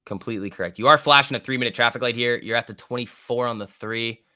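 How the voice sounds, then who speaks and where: A mid-range male voice, fast, pushed and bright but smooth, carries casual live market commentary from a trading stream host who thinks aloud and swears now and then. Clean studio sound with no echo.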